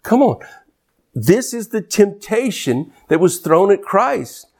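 A preacher man delivers his sermon in a slightly raised voice, pressing questions on his congregation and reciting scripture in a steady, rolling cadence. He calls out to his listeners to keep following along. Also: high voice, takes it slowly, creaky, husky.

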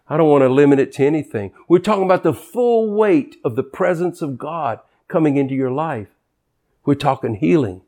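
A man in his sixties preaching a sermon with passion, dropping to hushed tones and rising to near-shouts. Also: fairly high pitch. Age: 60s.

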